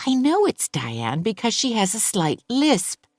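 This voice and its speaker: Audiobook figure: anxious young mother, plaintive and fretful, read by a woman pitched up. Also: wildly swooping pitch, measured pace, a little mellow, no room sound, studio quality, soft background music, heavily acted. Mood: indignant.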